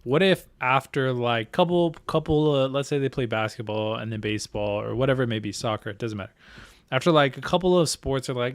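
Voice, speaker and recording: A man on a casual podcast asking questions in a halting way, restarting his phrases. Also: medium pitch, expressive, clean tone, no room sound. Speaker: podcast co-host.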